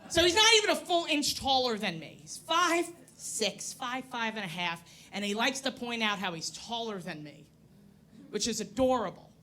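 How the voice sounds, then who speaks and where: Brash high-voiced female stand-up comic. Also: expressive, moderate pace. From New York. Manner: brash, crude, self-mocking, loud put-on voices in bits. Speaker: stand-up comedian. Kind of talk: stand-up comedy set. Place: comedy club stage, live audience.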